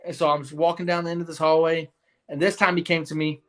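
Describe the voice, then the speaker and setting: Young guy rambling through his story, lots of um and you know, kinda high voice for a dude. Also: flat delivery, fast. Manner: rambling, earnest, many fillers and restarts. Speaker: guest. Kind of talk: casual storytelling interview.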